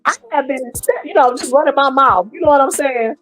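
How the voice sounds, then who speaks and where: A middle-aged woman, commenting casually on a live stream and talking straight to her viewers in an animated way. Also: high voice, quick pace, over music, low-quality recording.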